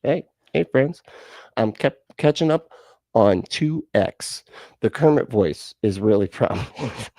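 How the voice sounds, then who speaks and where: A man's voice: lowish voice, expressive, slow pace, mellow, no echo. A man hosting a live reaction stream, rambling and joking at himself and laughing often. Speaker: reaction channel host. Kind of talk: casual live-stream chat.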